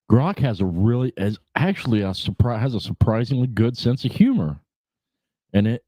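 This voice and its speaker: A man's voice: medium pitch, dark tone, no room sound. A man hosting a casual livestream chat show, rambling and laid-back, swearing freely, with lots of "you know" fillers. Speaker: podcast host.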